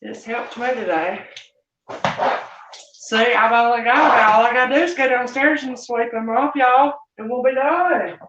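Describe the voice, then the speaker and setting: A woman's voice: a little high, unhurried, very noisy. A woman chatting folksily with viewers while she cleans at home, a little out of breath. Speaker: vlogger. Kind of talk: casual live-stream chat while cleaning. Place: home, indoors. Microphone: phone set down while she moves around. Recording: roomy, dull phone audio.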